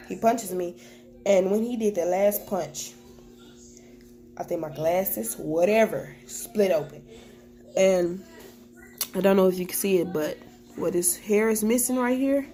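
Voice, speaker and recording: A woman's voice: medium pitch, warm tone. Young woman telling a candid story. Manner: candid, plain-spoken retelling with quoted dialogue. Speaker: vlogger. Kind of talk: storytime to camera. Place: at home with children nearby.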